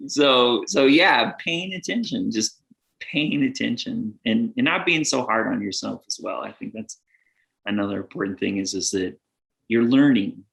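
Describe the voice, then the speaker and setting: Guesting on a podcast, this middle-aged man sounds animated and earnest, his mid-range voice a bit bright and touched with vocal fry. He talks at an ordinary pace, wandering through casual chat with frequent fillers and regular bursts of laughter.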